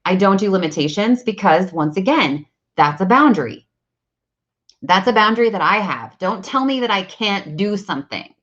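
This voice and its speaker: A woman's voice: medium pitch, lively intonation, moderate pace, fairly bright tone. Candid woman telling stories, lo-fi. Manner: candid, storytelling, acts out conversations. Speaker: vlogger on self-improvement. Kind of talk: casual talk to viewers, live stream. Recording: dull lo-fi sound.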